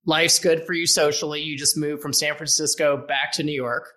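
A man's voice: on the high side, flat delivery, normal speed, bright, forceful tone. A man hosting a casual podcast interview, teasing his guest with joking banter. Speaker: podcast host.

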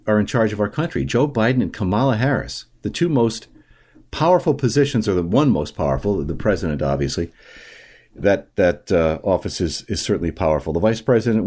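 A man hosting solo political commentary, opinionated and halting, with frequent fillers and restarts. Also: fairly low pitch, darkish tone.

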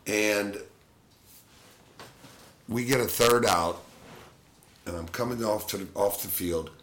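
Lower-voiced man telling lively anecdotes. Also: slow. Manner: animated anecdote teller, laughs often. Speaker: former pro baseball catcher, guest. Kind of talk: casual storytelling interview. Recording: roomy echo.

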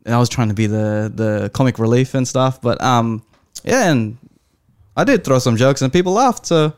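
A man co-hosting a podcast in casual chat, jokey and quick to laugh. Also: mid-range voice, clear, resonant tone. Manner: jokey, laughs often, animated. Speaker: podcast co-host.

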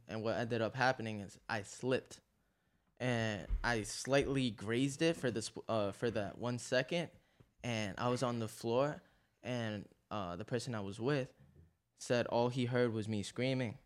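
A man in casual conversation recounting his experiences, earnest and pausing often with fillers. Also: mid-range voice. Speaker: graffiti writer in conversation. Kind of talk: casual chat.

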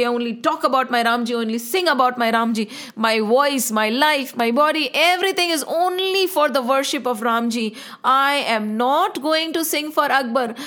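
A woman's voice: sits high, a bit bright. A woman voicing a devout old male poet-sage who speaks in firm, earnest declarations.

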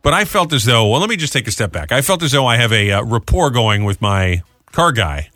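Fast-talking middle-aged male radio host. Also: mid-range voice, sing-song, pushed and bright, no room sound. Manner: rambling storyteller, chatty and self-mocking. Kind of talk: casual on-air banter. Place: radio studio. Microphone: studio microphone.

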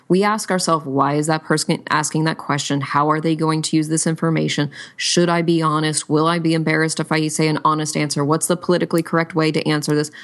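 Low-pitched woman coach, talks fast and sure, acts out little quotes as she explains. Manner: fluent, energetic explaining with acted-out example quotes. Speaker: guest, sales coach. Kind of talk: interview answers, explaining.

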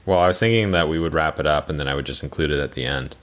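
A young man co-hosting a podcast in casual chat, telling stories with swearing and sudden high mocking voices. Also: rapid-fire. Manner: animated storytelling, swearing, jumps into high mocking voices for quotes. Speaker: podcast co-host.

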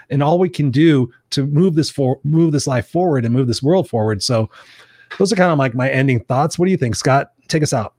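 A man's voice: mid-range voice, a little mellow, no echo, studio quality. A man hosting a live talk show, enthusiastic and effusive, reading out viewer comments and swearing casually. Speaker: podcast host.

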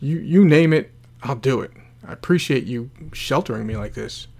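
Gentle, steady castle, warm reassurance, read by a man. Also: medium pitch, moderate pace, creaky. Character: kind, steady male castle, calm and encouraging.

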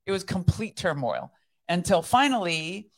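Very animated yet a little slow, a podcast co-host with a fairly low voice recounts her faith journey. The conversation about faith is casual, and she tells her story earnestly and reflectively.

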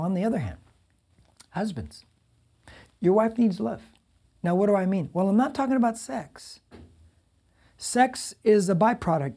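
A man's voice: high-pitched, mellow, breathy edge. A middle-aged man preaching a sermon as pastor, talking directly and conversationally to the congregation.

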